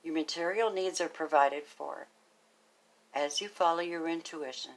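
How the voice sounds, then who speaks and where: A woman giving a casual spoken tarot reading, chatty and affectionate, thinking aloud as she goes and now and then dropping into a soft, half-whispered aside. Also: low-pitched, a little hiss or hum, poor audio. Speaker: tarot card reader.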